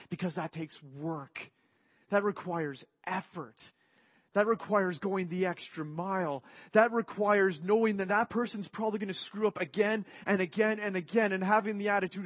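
Man preacher, earnest, fairly high voice, slightly dull recording; soft to emphatic sermon delivery. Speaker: pastor.

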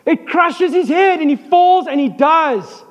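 A man preaching an animated sermon as a pastor, with joking asides and calls for amens. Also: very high voice, a little slow, long reverb tail, lo-fi sound.

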